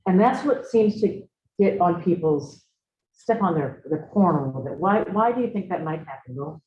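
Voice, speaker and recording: Middle-aged woman, seminar leader, low warm voice, roomy dull recording. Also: lively intonation, moderate pace, a little hiss or hum. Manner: reflective, engaging, asks students questions. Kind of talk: conversational seminar talk.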